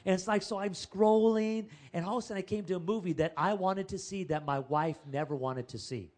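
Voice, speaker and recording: A male pastor telling a story in a sermon, chatty and animated, with laughing asides and calls to the congregation. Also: high voice, a little fast.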